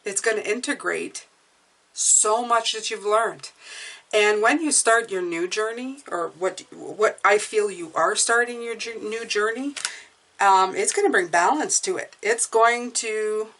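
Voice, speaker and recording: A woman's voice: mid-range voice, expressive, unhurried, fairly bright tone. A woman giving a casual spoken tarot reading, chatty and reassuring, often restarting phrases and checking in with "okay?". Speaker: tarot reader.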